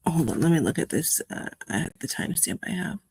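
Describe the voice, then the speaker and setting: A woman's voice: sits low, lively intonation, quick pace, darkish tone, husky, low-quality recording. A woman livestreamer commenting on a replay of her earlier stream, in a matter-of-fact, slightly sarcastic way.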